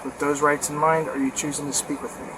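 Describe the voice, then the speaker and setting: A female police officer with a low voice, asking calm, patient questions and moving along quickly. She is picked up by a body-worn camera, and the audio comes through with heavy background noise. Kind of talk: bodycam interview and reading of rights. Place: outdoors at a police scene.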